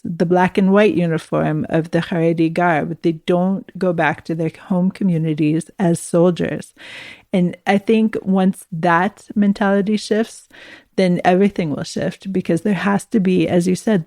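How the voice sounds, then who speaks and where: A woman's voice: on the low side, steady tone, measured pace, a little mellow, no echo, studio quality. A middle-aged woman hosting a podcast, talking in an engaged, reflective way. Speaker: podcast host. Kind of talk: podcast conversation.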